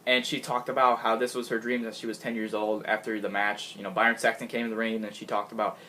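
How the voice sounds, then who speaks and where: A man giving an excitable, gushing casual recap of a show he watched, laughing often and restarting his sentences. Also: lowish voice, fast, slight background noise. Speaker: wrestling fan recapping a show.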